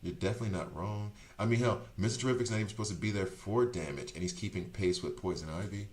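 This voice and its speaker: A man streaming a video game, chatting casually and rambling as he second-guesses his choices out loud. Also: lowish voice, fast, reverberant. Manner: chatty, rambling, self-correcting. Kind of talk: casual gameplay commentary.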